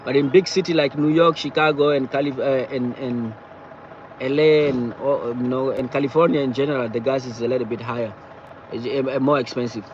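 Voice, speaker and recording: A man chatting casually on a live stream from his car, talking in halting bursts and repeating himself as he answers viewers. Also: medium pitch, fairly even intonation, darkish tone, lo-fi sound, slight background noise. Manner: halting, repeats words and phrases often. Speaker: livestreamer reading viewer chat. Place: in or beside a parked car.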